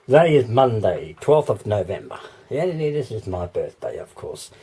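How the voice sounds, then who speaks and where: Hoarse Australian man chatting. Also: lowish voice, sing-song, measured pace, warm tone. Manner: rambling, with many ums and little laughs. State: hoarse, losing his voice. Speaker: vlogger. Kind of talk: casual vlog chat. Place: walking outdoors. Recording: outdoor background noise.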